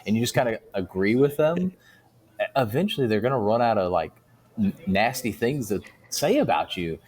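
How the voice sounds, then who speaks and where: A man, a guest on a podcast interview, explaining things calmly with everyday examples. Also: fairly low pitch, moderate pace, a little hiss or hum. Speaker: guest speaker. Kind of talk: casual interview talk.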